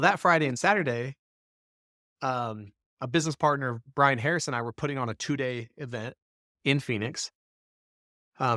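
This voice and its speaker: A man co-hosting a podcast, telling a long anecdote in a casual, animated way and acting out what other people said. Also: medium pitch, dry recording, studio quality. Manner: animated storyteller, acts out quotes of others. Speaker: podcast co-host. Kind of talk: casual storytelling.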